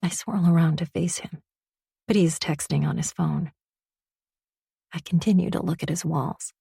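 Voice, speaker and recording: A woman narrating a first-person romance audiobook in an intimate voice that often drops to a breathy near-whisper. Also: on the low side, steady tone, normal speed, dark tone, no room sound, clean studio sound.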